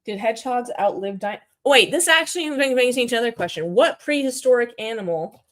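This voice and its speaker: A woman's voice: a little high, animated, fairly quick, a bit bright. Chatty woman hosting a puppet livestream. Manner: chatty, reads chat aloud, mutters while clicking around. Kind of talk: casual livestream chat.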